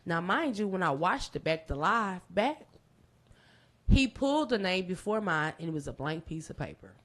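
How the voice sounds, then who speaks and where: A woman, guest on a podcast, telling a long story in an excitable, animated way. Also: moderate pace. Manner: animated, excitable storytelling with big pitch jumps and profanity. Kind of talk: storytelling in casual chat.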